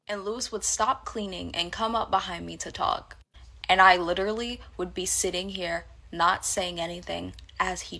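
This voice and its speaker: A woman with a fairly low, creaky voice and a sharp tone recounts a personal work story to camera. It's casual storytelling in a reacted-to clip, and she's candid, blunt and profane.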